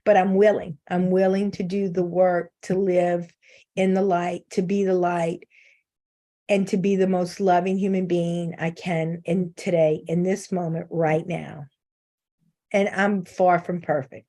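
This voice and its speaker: A woman's voice: fairly low pitch, flat delivery, a little slow, dark tone. Candid, joking middle-aged woman on a video call. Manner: candid, self-mocking, laughs often. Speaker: guest speaker. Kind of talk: informal faith talk.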